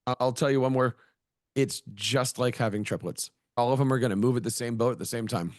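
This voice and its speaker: A middle-aged male educator in a podcast interview, with a mid-pitched voice recorded close and dry. He tells anecdotes and slips into the voices of the people he quotes. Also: fairly quick, no echo. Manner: storytelling, acts out quoted voices. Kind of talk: conversational interview.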